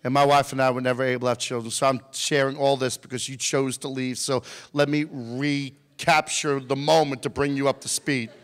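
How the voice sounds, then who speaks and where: A man's voice: medium pitch, flat delivery, fairly quick, hardly any pauses, long reverb tail. A man giving a comedic motivational talk to a youth audience, playful and teasing with the crowd. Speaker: motivational speaker.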